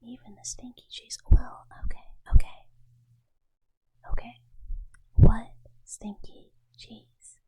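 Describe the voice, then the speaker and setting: A woman's voice: slow, pauses often, low-quality recording. A woman ASMR streamer whispering playfully, chatting and greeting her viewers by name into an ASMR microphone.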